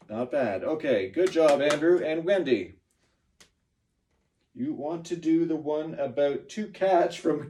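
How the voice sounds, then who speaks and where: A man's voice: on the high side, mellow, distant mic. A man teaching a class, praising students by name and giving pronunciation feedback.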